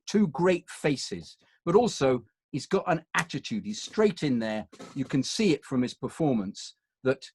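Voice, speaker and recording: A man's voice: medium pitch, sing-song, a little slow, a little mellow, slight background noise. An English man with an upper-class accent, an actor reminiscing in a digressive, anecdotal way. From England. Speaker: actor, guest. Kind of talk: conversational reminiscing.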